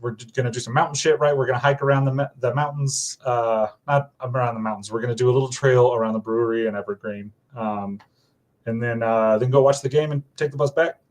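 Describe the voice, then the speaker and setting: A man's voice: medium pitch, steady tone, fast talker, darkish tone. A man in casual chat announcing supporter events, rambling with many fillers and self-corrections. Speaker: supporters group organizer.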